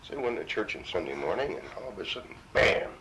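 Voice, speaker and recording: A man's voice: deep voice, very fast, noisy background. A man in his seventies from Minnesota, a war veteran telling his story in an oral history interview, salty and full of cursing. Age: 70s. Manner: salty, profane, animated storyteller.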